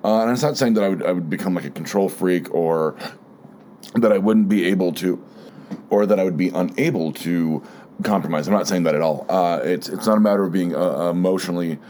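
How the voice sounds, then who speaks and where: A man with a very low voice hosts his own podcast alone, rambling through his thoughts with lots of fillers, restarts and searching for words. A slight frog sits in his throat, and faint room noise hums behind him. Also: a little fast, warm tone. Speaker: podcast host. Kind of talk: casual solo monologue.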